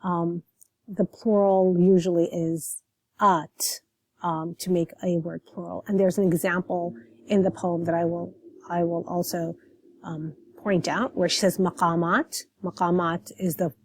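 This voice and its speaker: A woman with an Iraqi Arabic accent reading a poem aloud, then explaining pronunciation slowly and deliberately, with many ums. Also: fairly low pitch, level tone, breathy edge, no echo. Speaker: poetry reader and language commentator. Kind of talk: poetry recitation then spoken explanation.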